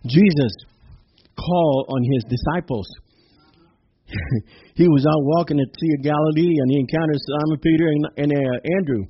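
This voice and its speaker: A man's voice: fairly high pitch, highs cut off, a little hiss or hum. Exuberant preacher man, amens and laughs. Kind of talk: informal sermon.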